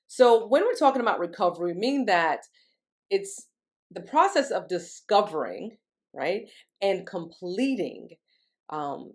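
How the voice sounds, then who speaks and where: A woman's voice: on the low side, gravelly. A woman, a grief recovery specialist, explaining step by step in an educational monologue and often asking "right?" to check in with the listener. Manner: acts out quoted speech in a livelier voice.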